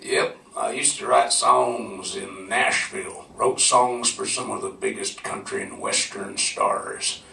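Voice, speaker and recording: Grizzled old Southern drawler, put on by a male storyteller, low and unhurried, roomy sound from a distance. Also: expressive, vocal fry, bright, forceful tone, heavily acted. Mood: boastful. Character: old grizzled American songwriter, laid-back. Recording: roomy, from far off.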